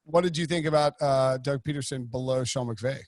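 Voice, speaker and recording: A man hosting a sports podcast speaks briskly in a mid-range, slightly mellow voice, recorded in studio quality without echo. His casual chat rambles, full of fillers and restarts.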